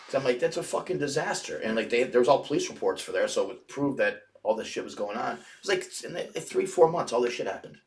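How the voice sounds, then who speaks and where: A man, a podcast guest, telling rough stories in a rambling, profanity-heavy casual way. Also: medium pitch, animated, fast talker, few pauses, recorded from a distance. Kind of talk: casual storytelling. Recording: echoey room, off-mic.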